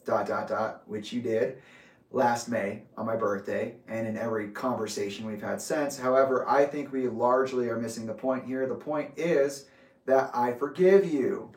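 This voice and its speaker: A man reading his own letter aloud with asides, in a measured, deliberate way. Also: medium pitch. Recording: roomy echo, distant from mic.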